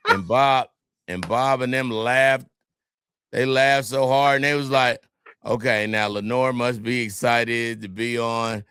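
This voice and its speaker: Brief: bright, animated man from California, casual podcast storyteller, dry close sound. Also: medium pitch, a little slow, clear, resonant tone, no room sound. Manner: animated storyteller, acts out quotes. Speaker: podcast co-host.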